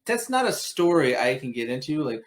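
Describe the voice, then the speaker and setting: A man's voice: medium pitch, very animated, normal speed. A man co-hosting a casual movie podcast, blunt and opinionated, with a lot of ums. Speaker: podcast co-host.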